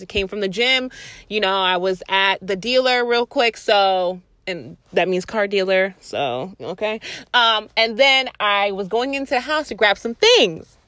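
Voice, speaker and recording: A young woman vlogger telling a story in a casual, profane, animated way, often laughing. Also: mid-range voice, no room sound.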